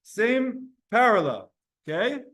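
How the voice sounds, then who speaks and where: A man teaching a Talmud class, explaining in quick bursts, quizzing his students and restarting his sentences often. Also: very high-pitched, sing-song, fairly bright tone.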